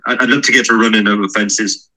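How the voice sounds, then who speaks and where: A man, a racehorse trainer, chipping in on a podcast interview in a quick, chatty way. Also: on the low side, steady tone, pushed and bright, poor audio.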